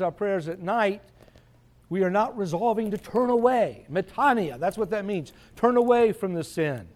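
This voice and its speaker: Priest preaching, high bright-edged voice. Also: male voice. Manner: conversational preaching, slows for scripture quotes. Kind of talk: sermon.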